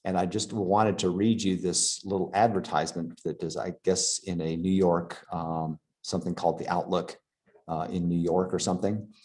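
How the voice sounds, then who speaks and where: A man giving a local history lecture over slides, pausing often with fillers and restarting his sentences. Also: deep voice, level tone, darkish tone. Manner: halting, many fillers and restarts.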